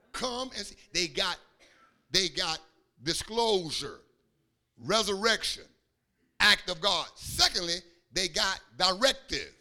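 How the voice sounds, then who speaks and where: A man preaching, his high, gravelly voice ringing bright and sharp. He swings his pitch widely and climbs into fervent shouts, acting out the quoted speakers as he goes. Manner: preaching with call-and-response rhythm and acted-out quotes, rising to shouts. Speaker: pastor. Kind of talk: sermon.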